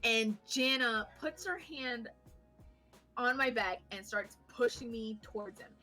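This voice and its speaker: Bright-voiced woman telling a wild story. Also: on the high side, measured pace, faint music behind. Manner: animated, swearing, self-mocking storyteller. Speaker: podcast co-host. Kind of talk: casual storytelling chat.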